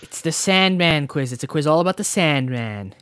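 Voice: medium pitch, expressive, normal speed, fairly bright tone, dry recording. A podcast co-host, blunt and teasing, leading the segments in casual banter. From Canada (Toronto).

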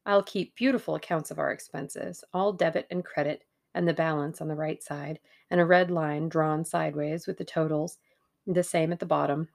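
A woman reading aloud and voicing an excited, bubbly young woman adventurer who gushes in a high, eager voice with a gravelly texture. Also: normal speed.

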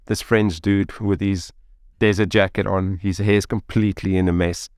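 A man, a guest telling a story in an interview, rambling and animated with lots of fillers like "like" and "you know". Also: low-pitched, moderate pace, no room sound, studio quality.

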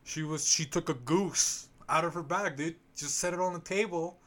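Young guy with a slightly high voice, telling stories, says dude a lot. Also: moderate pace. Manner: slangy, says dude a lot, animated storytelling. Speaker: podcast co-host. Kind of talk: casual chat.

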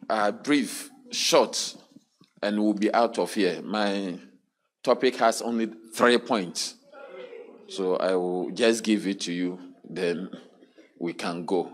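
A man's voice: on the low side, steady tone, slow. A man preaching a sermon at a church service, drawing responses from the congregation with frequent hallelujahs and questions. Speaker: pastor.

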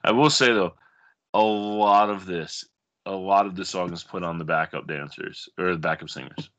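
A man's voice: deep voice, normal speed, fairly bright tone, soft background music. A man co-hosting a podcast in casual chat, laid-back and rambling. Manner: laid-back, rambling, with playful bits of mock radio-announcer voice. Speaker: podcast co-host.

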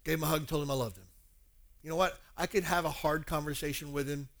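A male pastor preaching a sermon, animated and acting out dialogues. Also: on the high side, fast talker.

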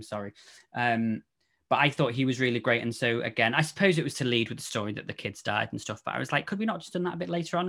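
A man co-hosting a horror podcast, talking through a film review in a loose, casual way. His voice leaps up in animated bursts and then sinks quiet at the ends of his phrases. He sits at an average pitch for a man. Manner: animated, trails off and restarts, voice drops low at phrase ends. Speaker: podcast co-host.

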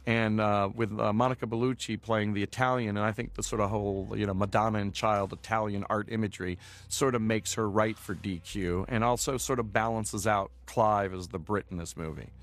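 A film director giving a loose, rambling commentary track with lots of filler words. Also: male voice, fairly low pitch, steady tone, a little fast, hardly any pauses.

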